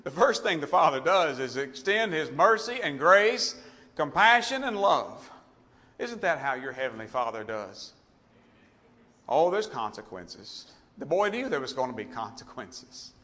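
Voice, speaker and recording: A man preaching a sermon with passion, shifting between loud emphasis and hushed, tender passages. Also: on the high side, big pitch swings, unhurried. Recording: long hall reverb.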